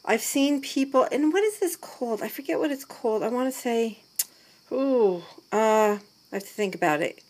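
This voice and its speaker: A woman vlogger unboxing a handmade gift, gushing and gasping, often dropping into soft whispers as she talks to the camera she holds. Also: fairly high pitch, expressive, normal speed. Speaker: crafting vlogger. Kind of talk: excited unboxing chat to camera. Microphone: handheld camera mic.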